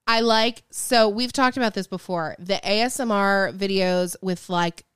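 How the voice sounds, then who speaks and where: A woman's voice: medium pitch, unhurried, fairly bright tone, clear, resonant tone, dry recording, studio quality. A woman co-hosting a podcast, chatting casually in a living room, rambling with lots of fillers and the odd swear. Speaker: podcast co-host. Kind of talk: casual chat.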